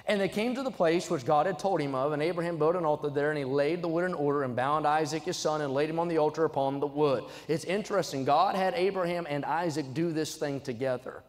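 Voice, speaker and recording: A young adult man preaching a sermon, swinging from quiet asides to loud, emphatic exhortation. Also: fairly high pitch, fast talker, few pauses. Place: church sanctuary. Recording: church sanctuary with long reverb.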